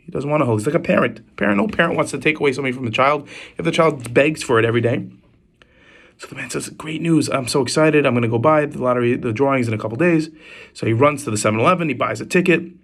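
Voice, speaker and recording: A man teaching as a rabbi, rattling off stories at a brisk clip. His pitch sits in an ordinary middle range. He often stumbles and restarts his phrases. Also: creaky. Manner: quick, animated storytelling with frequent restarts. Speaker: rabbi giving a Torah class. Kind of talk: storytelling Torah talk.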